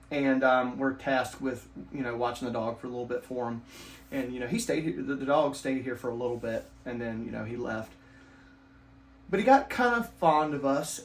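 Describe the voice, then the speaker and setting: A young man tells a ghost story in a casual, rambling way, full of fillers and repeated "you know"s. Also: medium pitch. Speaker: channel host telling a ghost story. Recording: roomy home recording with faint hiss.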